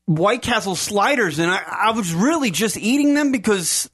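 A man tells a rambling, profane story on a casual podcast. His voice sits fairly high and swings widely in pitch as he leans into the punchlines. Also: animated, normal speed, a bit bright, husky. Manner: profane, storytelling, laughs often. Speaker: podcast co-host. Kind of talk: casual chat.

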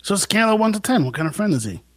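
Male co-host, high and lively, dry close sound, keeps pressing with questions. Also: racing, no echo. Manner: needling, probing questions. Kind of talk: casual comedic chat.

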